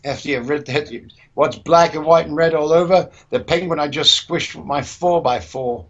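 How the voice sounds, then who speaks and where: A man's voice: fairly high pitch, normal speed, fairly bright tone, dull audio. A man hosting a mock-serious comedy news show, rambling and stammering as he improvises.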